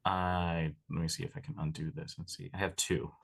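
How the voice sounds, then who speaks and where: A man playing in a tabletop role-playing game, talking through his character's moves with many pauses and fillers. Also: sits low, flat delivery, creaky, breathy edge. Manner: hesitant, many fillers and restarts while planning moves. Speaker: player.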